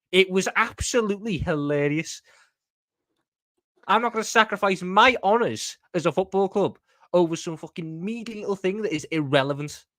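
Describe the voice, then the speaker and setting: A man's voice: high-pitched, bright, forceful tone, dry recording. A Scouse man co-hosting a casual football chat, blunt and heated, swearing freely. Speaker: podcast co-host.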